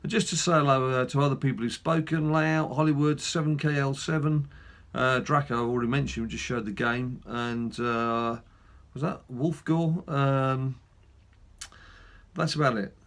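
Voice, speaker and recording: A man's voice: mid-range voice, steady tone, normal speed, fairly bright tone. A man hosting a gaming channel, chatting casually through a mobile game with lots of fillers and self-mocking asides.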